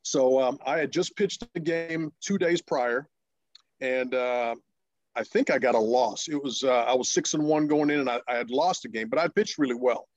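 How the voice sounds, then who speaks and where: A former professional pitcher in his fifties tells stories during an interview, halting and restarting with many fillers. His pitch jumps up whenever he acts out excited voices, and the recording has no echo.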